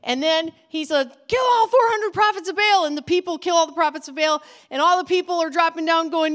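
A woman preaching a sermon as a lively story, acting out the characters' lines with big jumps in loudness. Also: a little fast, hardly any pauses. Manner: animated, acts out characters' lines with big swings in pitch and volume.

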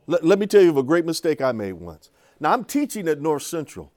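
An older man who teaches urban ministry, telling a story to an audience in an animated way and often restarting and repeating his words. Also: a little high, brisk.

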